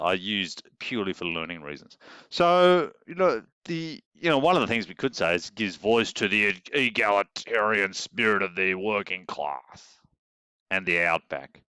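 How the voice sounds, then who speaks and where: A man's voice: on the low side, bright, forceful tone, clean tone, no room sound. A man with an Australian accent teaching an English class, with wry, joking rhetorical asides, in a classroom.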